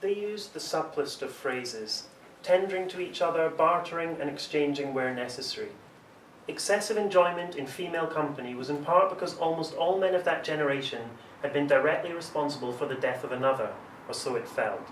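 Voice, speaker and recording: Animated man reciting poems in a roomy hall. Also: fairly high pitch, brisk, slight background noise. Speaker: performing poet. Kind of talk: live poetry reading. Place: library reading room. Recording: echoey room, voice from far off.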